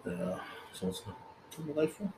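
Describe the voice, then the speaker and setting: A man's voice: deep voice, lively intonation, unhurried, noisy background. A young man chatting casually, blunt and ranting, swearing heavily. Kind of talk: casual chat.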